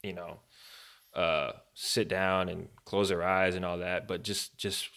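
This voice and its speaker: A man's voice: low-pitched, a little slow, gravelly. A man co-hosting a podcast, talking casually about faith and prayer with many fillers and restarts. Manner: rambling, animated, many fillers. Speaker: podcast co-host.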